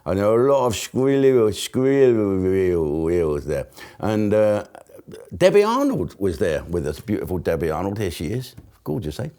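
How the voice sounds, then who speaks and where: A man's voice: lowish voice, very animated, unhurried, warm tone. A man hosting a live show, delivering a chatty, rambling comic monologue full of swearing and asides. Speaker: host. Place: broadcast studio.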